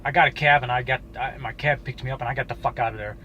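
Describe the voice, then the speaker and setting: A man telling a personal story to camera in a casual, halting way, swearing often and restarting his sentences. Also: mid-range voice, fairly even intonation, bright, forceful tone, highs cut off, slight background noise. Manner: profane, halting, with frequent restarts. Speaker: YouTuber.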